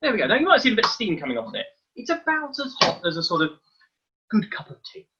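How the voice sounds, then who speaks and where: Lively man demonstrating science. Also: sits high, quick pace, dull audio, slight background noise. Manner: lively, hands-on explaining to children. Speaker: science presenter. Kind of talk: live online science demonstration.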